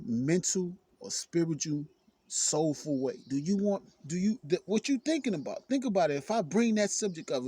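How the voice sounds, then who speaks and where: A man delivers an emphatic self-help monologue, pressing his points by repeating them. His voice sits a little high for a man. The recording is close and dry, with no room echo. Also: warm tone, husky. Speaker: motivational speaker.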